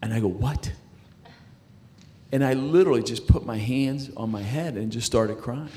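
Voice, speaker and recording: This middle-aged man's mid-range voice is mellow as he talks through his personal faith story. His speech is halting, marked by stumbles, repeated words, and fresh starts.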